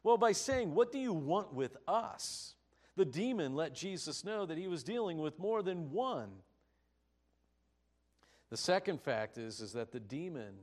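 Guy preaching, real animated, swings his voice up and down a lot. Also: fairly high pitch. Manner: animated storytelling, rising emphasis. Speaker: pastor. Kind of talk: sermon.

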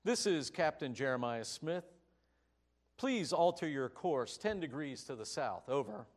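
A man voicing a stern male ship captain who barks orders over the radio and gets louder as he goes. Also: a little high, sing-song, a little slow. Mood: formal.

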